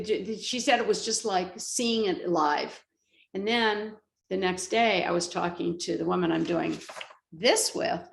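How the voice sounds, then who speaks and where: A middle-aged woman telling personal stories in a rambling, animated way, laughing often. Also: lowish voice, gravelly. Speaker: guest. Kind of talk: casual storytelling. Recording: roomy echo.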